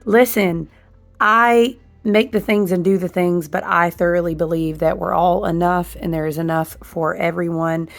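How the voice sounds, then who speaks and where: A woman with a hoarse, husky voice that is still recovering, chatting casually to camera about her candle and ritual craft, peppering her talk with "y'all" and "listen.". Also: on the low side, moderate pace. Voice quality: husky, smoky-sounding. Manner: chatty, animated, says "y'all" and "listen" often. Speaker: candle and ritual tool maker.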